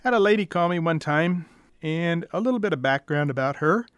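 A man's voice: fairly high pitch, animated, fairly quick, a bit bright, clear, resonant tone, no echo. A middle-aged man, a veterinarian, telling dry, wry stories about the questions his callers ask. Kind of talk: storytelling monologue.

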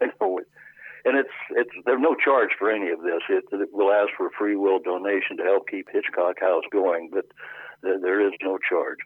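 A man on the board of a local historic house, talking as a guest in a casual radio interview by phone, with halting speech full of repeated starts. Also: low-pitched, breathy edge, dry recording. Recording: tinny phone line.

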